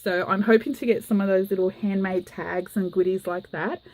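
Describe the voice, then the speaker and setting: Her voice is medium-pitched and steady, darkish in tone, at a normal speed. In a casual craft vlog, she shows off received mail in a gushing, excited manner, sprinkling in lots of "um" fillers.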